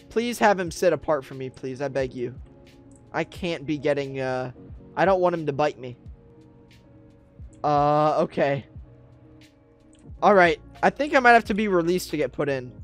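Man, gaming commentary, high pitch, dramatic exasperated whining, faint background music. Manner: dramatic, whiny pleading and exasperated complaints. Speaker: gaming YouTuber. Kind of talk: roleplay gameplay commentary.

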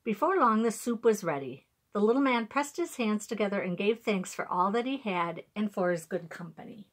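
Expressive woman storyteller reading aloud to children; husky, animated delivery. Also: mid-range voice, normal speed.

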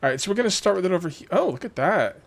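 A man with a slightly high voice runs casual let's play commentary from a home setup, talking through each move on a desk mic. He rambles to himself, laughs at the game and mock-scolds the characters in his way. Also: very animated, very fast, creaky. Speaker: gaming channel host.

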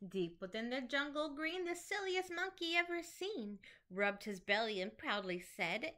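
A woman teacher reading picture books aloud to children in an animated, sing-song storytelling manner. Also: sits high, measured pace, few pauses.

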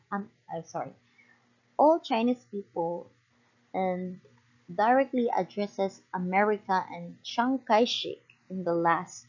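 Slow, husky-voiced young woman presenting. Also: medium pitch. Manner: reads from notes with slips and apologies. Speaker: student reporter. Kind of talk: class report presentation. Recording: dull lo-fi recording.

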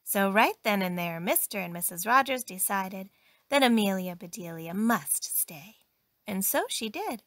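A woman narrating a bedtime storybook reading with gentle, expressive delivery. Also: medium pitch, measured pace, no echo.

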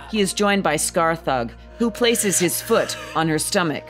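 A woman narrating a screenplay, reading the scene directions in a calm, even way. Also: lowish voice, normal speed, few pauses, soft background music.

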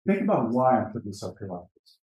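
A man's voice: mid-range voice, big pitch swings, fast, darkish tone. Guy giving a conference talk, chatty, keeps asking the room stuff, echoey and far from the mic. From Native American, Apache. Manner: conversational, asks the room questions, tells stories. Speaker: presenter training teachers. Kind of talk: conference presentation to an audience.

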